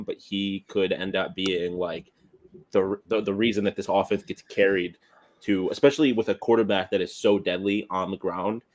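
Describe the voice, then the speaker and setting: Young guy with a lowish voice, talks sports, lots of ums and i-think's. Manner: hedging, many fillers and restarts. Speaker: podcast co-host. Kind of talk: casual sports chat.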